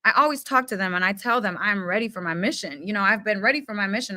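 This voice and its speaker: A young woman giving an unfiltered spiritual pep talk in casual slang, emphatic and animated, with mild swearing. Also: medium pitch, fast, dry recording. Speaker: spiritual self-help speaker. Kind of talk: unfiltered motivational rant.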